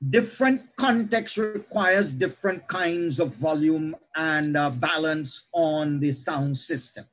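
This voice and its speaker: A man, himself a pastor, lecturing other pastors on how to preach, with animated teaching that shifts pace and loudness. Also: on the high side, slow pace, poor audio.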